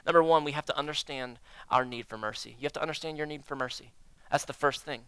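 A man preaching a sermon, acting out prayers and inner dialogue with God, swinging between loud emphasis and hushed, slow phrases. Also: fairly high pitch, clean tone, no room sound. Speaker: pastor.

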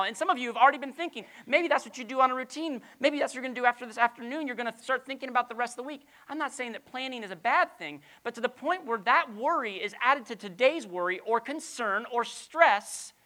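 A middle-aged pastor preaching a sermon, animated, with playful asides and rhetorical questions, dropping to a soft, low voice on key lines. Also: brisk, few pauses.

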